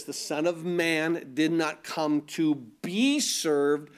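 High-voiced man preaching a sermon. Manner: earnest preaching with rhetorical questions and repeated words. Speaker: pastor.

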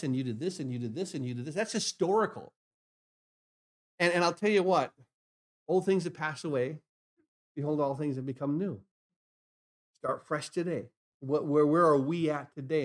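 Delivering a sermon in a slightly high male voice, a pastor repeats phrases, asks rhetorical questions, and moves from hushed lines to loud, emphatic outbursts.

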